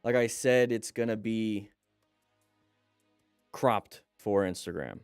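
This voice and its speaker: A man's voice: fairly low pitch, slow pace, darkish tone, clean tone, no room sound, studio quality, faint music behind. A man hosting a casual live stream, chatting to viewers and greeting them as he reads their comments. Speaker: live stream host and riding instructor.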